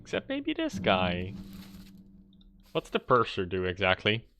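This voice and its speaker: A man's voice: low-pitched, huge pitch swings, measured pace, bright, forceful tone. A man streaming a video game, thinking aloud in a hesitant, self-correcting way as he works through a puzzle. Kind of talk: casual gameplay commentary. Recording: game music playing behind. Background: game music.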